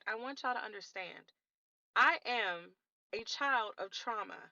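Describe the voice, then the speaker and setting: This storytime vlog comes from a woman in her late twenties around Washington DC, addressing viewers in an emphatic, indignant manner. Her medium-pitched voice is pushed and bright, and the recording is dry and dull.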